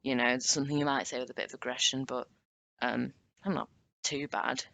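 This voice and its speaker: A woman giving a casual language lesson, chatting and correcting herself as she sounds out example phrases slowly. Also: rumbling low, level tone, vocal fry, a bit bright. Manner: chatty, self-correcting, drawn-out French examples. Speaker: language teacher.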